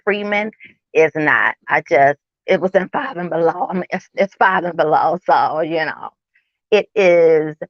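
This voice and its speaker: A woman's voice: fairly low pitch, gravelly, no echo. Chatty woman vlogger, muffled dry sound. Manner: chatty, rambling, asks viewers questions. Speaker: wellness vlogger. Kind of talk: casual chat to camera.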